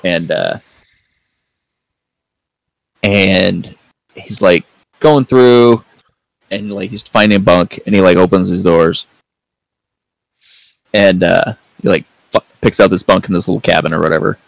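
A man's voice: sits low, unhurried, gravelly, long pauses, no room sound, rough recording. A man hosting a podcast in casual review chat, rambling with lots of fillers and free swearing. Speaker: podcast host.

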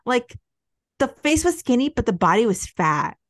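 A woman's voice: fairly high pitch, normal speed. A young woman from Chicago co-hosting a podcast in casual chat, telling stories with lots of energy, cursing freely and acting out the people she quotes. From Chicago area. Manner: animated storyteller, swears freely, acts out quoted people. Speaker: podcast co-host. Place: apartment near a window.

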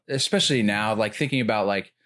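Man, casual chat, low-ish voice, rambling, filler-heavy, animated retelling. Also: moderate pace. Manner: rambling, many "like" fillers, animated when quoting comedians.

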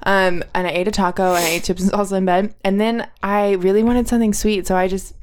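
A woman's voice: mid-range voice, flat delivery, quick pace, a little mellow, smooth. A woman with a Californian accent co-hosting a casual podcast, giggling often and speaking bluntly. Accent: Californian American. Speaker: podcast co-host. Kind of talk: casual chat.

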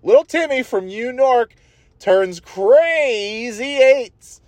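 A man's voice: extremely high pitch, expressive, no room sound, voice pushed up, heavily acted. A man doing a corny kids' radio announcer. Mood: hammy announcing. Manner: sing-song, hammy, drawn-out announcements.

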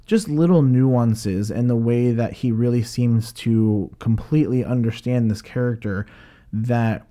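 A man talks through a film review in a loose, casual way, full of fillers and restarts. His voice is dark and mellow, at a middle pitch. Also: unhurried. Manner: rambling, many fillers and restarts.

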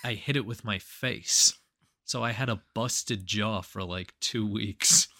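A man's voice: fairly low pitch, slow, pushed and bright. A young man co-hosting a podcast, telling crude, profane drinking stories in casual chat. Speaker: podcast co-host.

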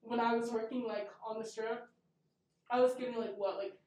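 A woman's voice: a little high, fairly even intonation, moderate pace, a little mellow. A young woman who owns a small business, chatting casually, laughing often and swearing freely. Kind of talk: casual chat. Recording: roomy, mic at a distance.

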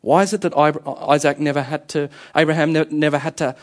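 A man's voice: fairly high pitch, steady tone, fairly quick. A man preaching a sermon, telling stories earnestly and animatedly with frequent restarts.

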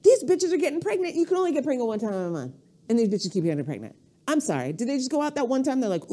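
Animated, foul-mouthed middle-aged comedienne. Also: female voice, quick pace. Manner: animated, profane, rambling, with sudden jumps in pitch. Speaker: comedian guest. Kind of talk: comedic podcast rant.

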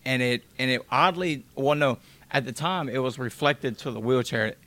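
A man's voice: medium pitch, normal speed, bright, forceful tone, no room sound. A man in his twenties, a podcast guest, candidly recounting a hard time in blunt, emotional, casual speech with some swearing. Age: 20s. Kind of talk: candid interview storytelling.

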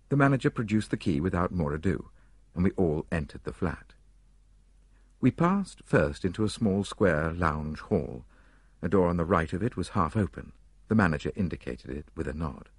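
Low husky male audiobook narrator. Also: sing-song, moderate pace, no echo, studio quality.

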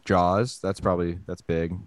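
A man's voice: deep voice, fairly even intonation, moderate pace, a little hiss or hum. A man hosting a casual movie podcast, joking and rambling through trivia with friends. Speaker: podcast host.

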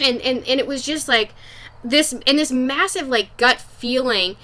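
Young adult woman, podcast host, bright tone, fairly high voice, candid rambling storytelling, swears. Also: measured pace. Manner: candid, swears freely, many fillers. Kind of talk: casual personal storytelling.

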